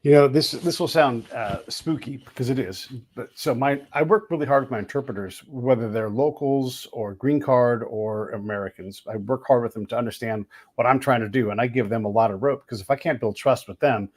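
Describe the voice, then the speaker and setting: A man hosting a podcast, telling blunt, animated anecdotes in a casual chat. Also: mid-range voice, fairly quick, few pauses. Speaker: podcast host.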